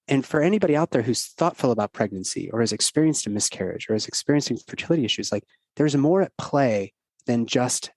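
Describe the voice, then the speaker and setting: A man's voice: mid-range voice, darkish tone, dry recording. A middle-aged man, a doctor guesting on a podcast, telling a personal story in an earnest, rambling, casual way.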